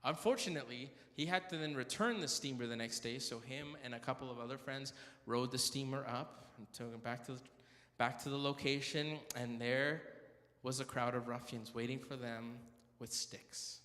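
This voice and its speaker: A man's voice: mid-range voice, normal speed, bright, forceful tone, in a large hall. A man telling stories at a church prayer meeting, chatty and joking, correcting himself as he goes. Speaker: church speaker. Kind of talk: storytelling talk at a prayer meeting. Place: church hall.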